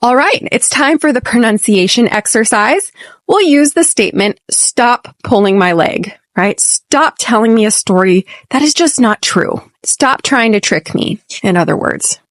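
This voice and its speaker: American woman, podcast teacher, higher voice, clear deliberate delivery, dry close sound. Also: lively intonation, no echo. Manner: clear, deliberate, models phrases slowly for repetition. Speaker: podcast host and English teacher. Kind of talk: scripted English lesson podcast.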